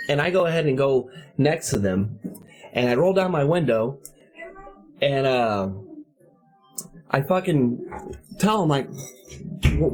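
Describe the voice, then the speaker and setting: A man in his thirties hosting a casual podcast chat, telling a profane story in an animated way and laughing often. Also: a little high. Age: 30s. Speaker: podcast host.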